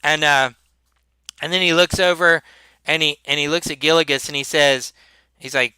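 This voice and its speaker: A man narrating as game master of a tabletop role-playing game, with many halting restarts. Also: on the high side, steady tone, pushed and bright, clean tone, no echo.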